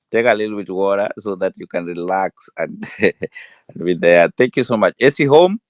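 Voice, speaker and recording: A man with a Kenyan English accent hosting a live audio room, calmly calling on speakers. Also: low-pitched, normal speed, dry recording, studio quality. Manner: calm, calls on speakers by name. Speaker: host of a live audio space.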